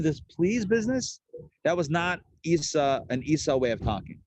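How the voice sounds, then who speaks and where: A man, a rabbi, teaching a live Torah class in a chatty, lively way and acting out the people he quotes. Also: fairly high pitch, moderate pace, slight background noise.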